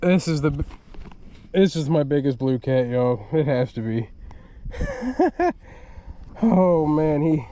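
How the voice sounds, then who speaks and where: A man, excitedly narrating his own fishing vlog from a kayak on a river at night, often exclaiming and laughing. He is recorded on an action camera. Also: a little high, takes it slowly, long pauses. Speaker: fishing vlogger. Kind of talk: excited outdoor vlog commentary.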